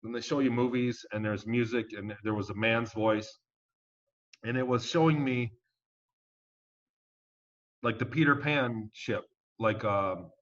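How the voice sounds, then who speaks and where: A man being interviewed as a guest, telling his story in a casual, animated and emphatic way and swearing now and then. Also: medium pitch, unhurried, long pauses. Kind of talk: conversational storytelling. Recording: dull lo-fi audio.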